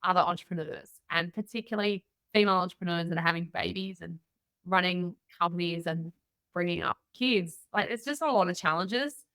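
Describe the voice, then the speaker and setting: A woman's voice: on the low side, fairly quick, no room sound. A middle-aged Australian woman, a guest entrepreneur on a podcast, telling candid stories and acting out the voices of people in them. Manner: candid, animated storyteller acting out quoted voices. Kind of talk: podcast interview storytelling.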